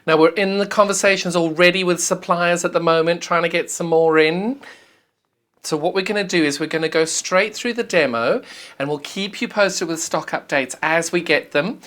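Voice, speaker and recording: A woman's voice: lowish voice, normal speed, a bit bright. A woman with a South African accent presenting live on a sewing shopping channel, gushing and urging viewers to buy. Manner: gushing, enthusiastic, urgent selling.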